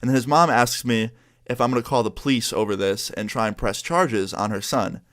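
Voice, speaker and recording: A man's voice: medium pitch, a little fast. A young man from New York, a YouTuber telling a story in a casual way and acting out what everyone said. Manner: animated, acts out the other people's lines.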